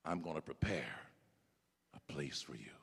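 A man preaching, voicing Jesus as a gentle grown man who speaks slowly and tenderly, in an echoey church. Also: high voice, big pitch swings, voice pushed up, exaggerated voice. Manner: soft, slow, tender reassurance.

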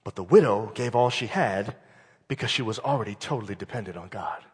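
A male pastor delivers a sermon, animated and fervent, sometimes pushing to loud peaks. His voice is husky and swings widely in pitch. The sound carries the long reverb of a church hall. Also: a little fast. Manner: animated, building to shouted climaxes.

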